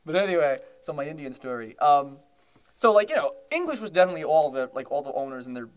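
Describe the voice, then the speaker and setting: Young man, podcast co-host, casual chat, rambling, fillers, frequent laughter, slightly high pitch. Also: sing-song, fast talker. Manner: rambling, laughs often, lots of fillers and restarts.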